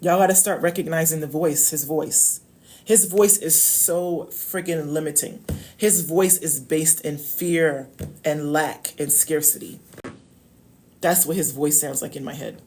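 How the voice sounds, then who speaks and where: A woman speaking on a live stream as a love coach, her voice pitched a little low. She talks casually and with emphasis, and calls her viewers y'all. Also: fairly even intonation, a little slow, a little mellow, a little hiss or hum.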